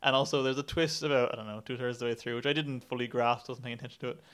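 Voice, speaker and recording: A man's voice: medium pitch, fairly even intonation, racing, fairly bright tone, clean tone. A male film critic chatting casually about a film, with dry, sardonic comments. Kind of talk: casual film review chat.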